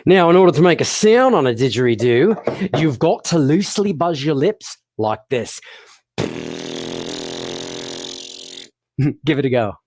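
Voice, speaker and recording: Playful and encouraging, a performer hosts an educational children's show, laughing often and putting questions straight to the audience. The voice is mid-range and sing-song at a moderate pace, with a noisy background.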